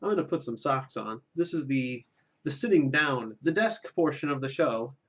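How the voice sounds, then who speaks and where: A man's voice: mid-range voice, lively intonation, moderate pace, a bit bright. A young man hosting his own show, delivering a rambling, mock-serious comic monologue with many fillers, recorded at home. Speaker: host. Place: home room with a green screen. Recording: dull lo-fi sound from a distant mic.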